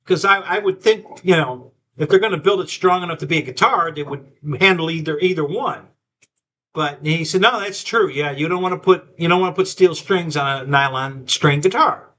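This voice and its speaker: A man's voice: a little high, normal speed, bright, forceful tone. A man hosting a live stream, rambling through a story with lots of restarts and quoted back-and-forth. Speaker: host. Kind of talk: casual live-stream chat.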